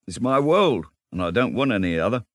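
A man reading a storybook, voicing a cheerful, self-assured male water rat who talks briskly and chattily. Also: medium pitch, big pitch swings, pitched above the performer's own voice, close to an everyday voice. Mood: hearty. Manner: brisk, chatty, lightly laughing.

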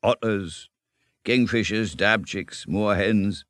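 A man reading a storybook, voicing a cheerful, self-assured male water rat who talks briskly and chattily. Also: lowish voice, fairly bright tone, no room sound, studio quality. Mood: knowing. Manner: brisk, chatty, lightly laughing.

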